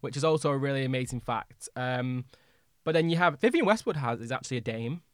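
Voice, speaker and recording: A man chatting as a podcast co-host, speaking in an opinionated, animated way and laughing easily. His voice sits at a middling pitch. The recording is dry and close, with no room sound. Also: a little fast, smooth, no echo. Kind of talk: casual chat.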